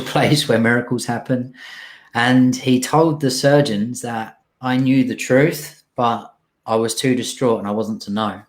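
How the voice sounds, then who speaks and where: A young man, an interview guest, telling a personal story in an emotional, heartfelt way, often halting and restarting. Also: mid-range voice.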